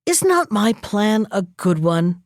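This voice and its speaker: A woman's voice: medium pitch, sing-song, slow, no echo, clean studio sound. A woman voicing a big hungry male wolf who speaks in a hasty, earnest way, as in a storybook read aloud.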